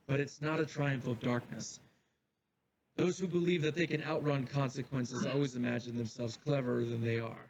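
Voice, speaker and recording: Guy doing a grave headmaster, slow measured speech, echoey room, faint hum behind. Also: mid-range voice, darkish tone, lightly acted. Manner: solemn, measured address. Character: grave male headmaster addressing students. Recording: distant roomy mic with faint ambience.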